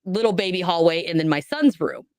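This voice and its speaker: A woman's voice: on the low side, fairly quick, dry recording, studio quality. Woman vividly telling a spooky story. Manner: animated storyteller, acts out quoted voices. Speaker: podcast guest. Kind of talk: telling a personal ghost story.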